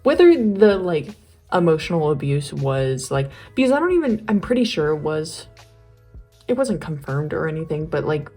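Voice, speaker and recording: A woman's voice: low voice, darkish tone. A young woman chatting casually while she draws, rambling with lots of fillers and slang. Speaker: art vlogger. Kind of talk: casual chat while drawing.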